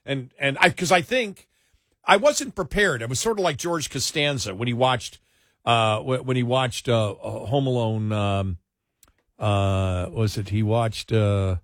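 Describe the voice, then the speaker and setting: A man's voice: mid-range voice, no room sound, studio quality. A man hosting a casual talk show, rambling and correcting himself before building to emphatic points.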